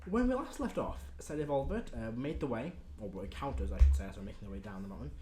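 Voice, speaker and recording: Animated man hosting a tabletop game. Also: medium pitch, soft background music. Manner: lively, joking, quick to complain. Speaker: game master. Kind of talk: casual tabletop game chat. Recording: echoey room with faint noise.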